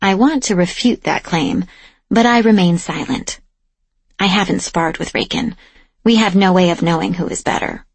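A woman giving steady, measured first-person audiobook narration, close to the mic. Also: on the low side, creaky, slightly rough, no room sound.

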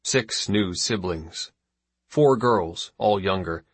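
A man reading a novel aloud as narrator, steady and measured. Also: sits low, breathy edge, dry recording. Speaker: audiobook narrator. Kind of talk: scripted narration.

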